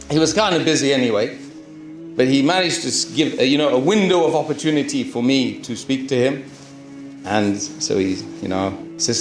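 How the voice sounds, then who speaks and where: A man, a Muslim preacher, telling his story to a live audience in an animated way, full of rhetorical questions. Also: a little high, roomy sound. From Britain.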